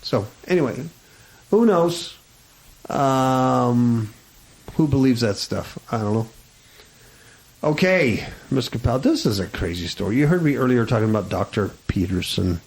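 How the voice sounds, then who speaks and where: A male radio talk show host in casual banter with a co-host. His voice swings widely in pitch as he talks, sitting in an ordinary middle register, and his delivery turns sarcastic and mocking. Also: animated, a little slow, a little mellow, poor audio. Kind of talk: casual chat.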